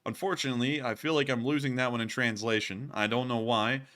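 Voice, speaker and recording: A man's voice: mid-range voice, fairly even intonation, quick pace, fairly bright tone. A man hosting a live stream, chatting casually and thanking supporters at length. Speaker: livestream news host. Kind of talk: casual live-stream chat, reading super chats.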